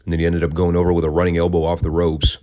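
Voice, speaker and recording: A man's voice: sits low, completely flat delivery, very fast, warm tone. A man hosting a wrestling review podcast, talking casually with wry, sarcastic asides.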